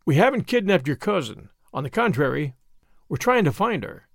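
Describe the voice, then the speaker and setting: A man's voice: on the high side, sing-song, moderate pace, creaky, dry recording, studio quality, heavily acted. A man voicing a level-headed young man who talks in an easygoing, matter-of-fact way.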